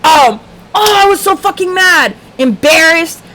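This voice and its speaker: A woman's voice: very high voice, animated, a little slow, sharp tone. A woman hosting a livestream, telling a story in a casual, profane, ranting way. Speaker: livestream host.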